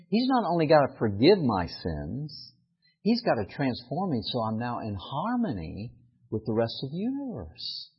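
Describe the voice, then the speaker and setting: A man preaching a sermon, his husky voice swinging up and down as he drives his points home. The recording sounds dull and lo-fi. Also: medium pitch. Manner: animated preaching, rising to emphatic peaks. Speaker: pastor.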